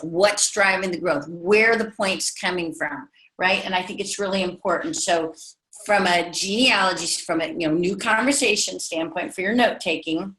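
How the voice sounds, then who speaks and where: A woman's voice: medium pitch, fairly bright tone. A woman giving a leadership coaching lesson to a group, emphatic and repeating key phrases while asking them questions. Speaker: network marketing leadership trainer. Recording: echoey room.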